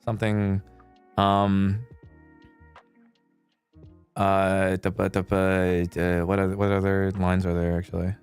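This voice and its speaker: A man's voice: sits low, monotone, takes it slowly, long pauses, a little mellow, smooth, soft background music. A male streamer in casual chat, laid-back and rambling with fillers, swearing and laughing often.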